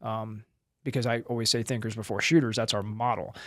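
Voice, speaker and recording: A man's voice: fairly low pitch, little pitch movement, brisk, fairly bright tone, dry recording, clean studio sound. A middle-aged man from the United States, a former Marine and trainer, talking bluntly and intensely in a casual interview, swearing and acting out dialogue as he tells stories. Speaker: podcast guest, former Marine and firearms trainer.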